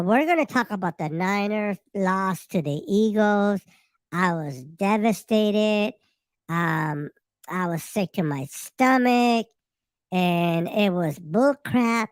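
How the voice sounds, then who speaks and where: A man putting on a high, silly voice to play a fake host, mocking and exaggerated. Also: expressive, takes it slowly, clear, resonant tone, dry recording. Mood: mock-grumpy. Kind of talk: casual chat.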